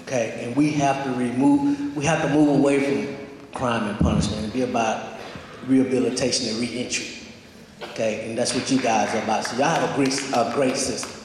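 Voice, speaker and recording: A man's voice: mid-range voice, steady tone, brisk. Man answering audience questions. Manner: warm, laughs easily, emotional. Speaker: guest speaker taking audience questions. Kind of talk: casual Q&A talk. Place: large hall with audience. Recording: echoey hall with audience.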